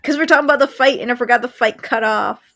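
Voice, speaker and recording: A woman's voice: fairly high pitch, creaky, sharp tone. A woman co-hosting a casual podcast chat, laughing often and correcting herself mid-sentence. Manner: chatty, laughs, quick self-corrections. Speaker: podcast co-host.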